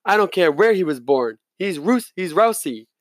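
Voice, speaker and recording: A man doing a gruff stubborn old father. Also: high voice, animated, normal speed, no room sound, studio quality, pitched above the performer's own voice. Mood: indignant. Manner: grumbling, blunt.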